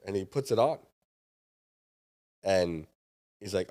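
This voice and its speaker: A man's voice: low-pitched, expressive, slow, dark tone. A man in his thirties, a podcast guest, telling a story casually and acting out the dialogue.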